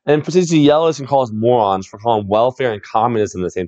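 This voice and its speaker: A man's voice: medium pitch, quick pace, mellow, dull audio. A man hosting a reaction video, chatting casually, often laughing and repeating exclamations.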